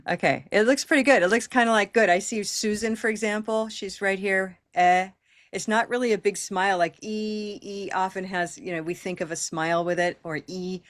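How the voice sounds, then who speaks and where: A woman leading an online pronunciation class over a video call, encouraging and repeating words slowly for learners to copy. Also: mid-range voice, fairly even intonation. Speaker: pronunciation teacher.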